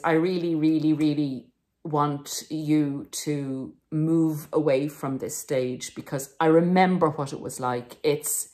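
A woman's voice: low voice, darkish tone. A woman hosting a self-help podcast, speaking emphatically and encouragingly to her listeners, calling them guys. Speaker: podcast host. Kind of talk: self-help monologue to viewers.

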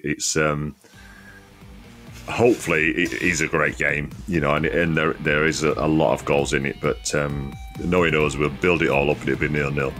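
A man with a very low, deep voice co-hosts a relaxed football podcast. He talks in an easygoing way, filling his sentences with "you know" and laughing often as he chats. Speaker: podcast co-host, former player. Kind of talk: casual football chat.

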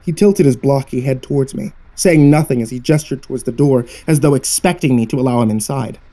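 A man narrates a first-person horror tale in a mellow, darker voice, building tension with dramatic pauses. He tells it as the host of his own story channel. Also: mid-range voice.

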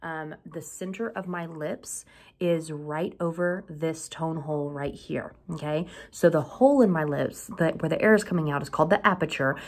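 A woman's voice: low voice, moderate pace. A woman band teacher giving a patient, step-by-step lesson, often checking in with "okay?", recorded on a camera mic in a school room while another class plays nearby. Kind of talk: instructional video lesson. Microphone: camera mic, leans closer at times.

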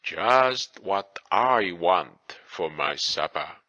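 A man voicing a strong, greedy fighter who bullies in slow, demanding speech in a storybook audiobook. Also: sits low, animated, sharp tone, pitched below the performer's own voice, full character voice, rough recording. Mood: menacing.

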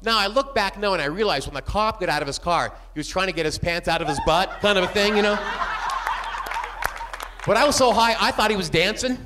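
A man doing a stand-up comedy set, animated and jumping into shouted bits. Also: high-pitched, a little fast, a faint crowd, a little hiss or hum.

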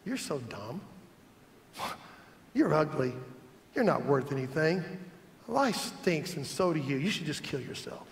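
A man voicing a sly, cruel devil who whispers temptations, hushed, sneering and coaxing. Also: on the high side, expressive, moderate pace. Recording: echoey church hall.

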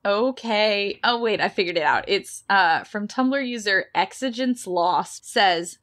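A woman co-hosting a comedic podcast, exasperated and sarcastic, quick to push back on her partner. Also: mid-range voice, a bit bright. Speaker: podcast co-host. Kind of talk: casual comedic banter.

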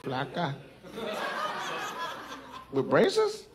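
A male stand-up comedian doing crowd work, loud and teasing, with sudden shouted outbursts. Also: medium pitch, huge pitch swings, very slow, background noise. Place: comedy club stage. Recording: live club recording with crowd laughter. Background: audience laughing.

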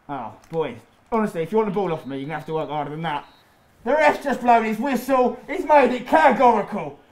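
A young man calls his own football game match, taunting and bragging as he plays. His voice sits high and keeps climbing into loud, excited shouts. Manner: excitable, boastful, shouting at big moments. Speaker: gaming YouTuber. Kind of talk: live gameplay commentary with trash talk.

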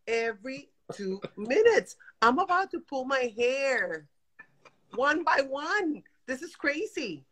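A woman in her fifties calling in from her apartment over a phone video call, talking in animated, exasperated bursts. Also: fairly high pitch, poor audio. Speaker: guest caller. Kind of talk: emotional live-stream chat. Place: home apartment.

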